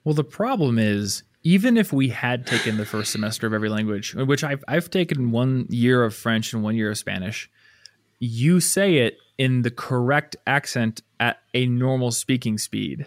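A man's voice: medium pitch, lively intonation, normal speed, dry recording. Man, podcast co-host, casual chat, teasing, dry close mic. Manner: teasing, playful.

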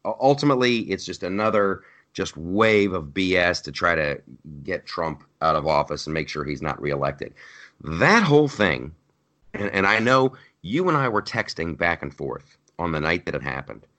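A man with a lowish voice and a bright, forceful edge, hosting a podcast. His pitch swings all over as he talks, excitable and animated. He stumbles into restarts and tosses off sarcastic asides in casual political chat. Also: normal speed. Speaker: podcast host.

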